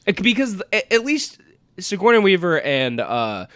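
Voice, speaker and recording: A man's voice: high-pitched, sing-song, normal speed, a bit bright, dry recording. A man hosting a casual podcast chat, rambling with frequent restarts and the odd swear word.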